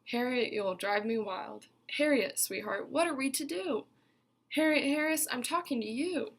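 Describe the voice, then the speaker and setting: A woman voicing a weary but loving mother who scolds gently in a slow, drawn-out sing-song, reading a picture book aloud. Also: a little high, lively intonation, vocal fry, full character voice. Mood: exasperated.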